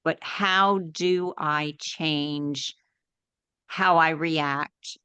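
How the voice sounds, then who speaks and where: A woman's voice: deep voice, fairly even intonation, drawn-out words, pushed and bright, smooth, no room sound, muffled recording. A woman hosting an interview, asking curious, rambling follow-up questions. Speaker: podcast host. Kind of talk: conversational interview.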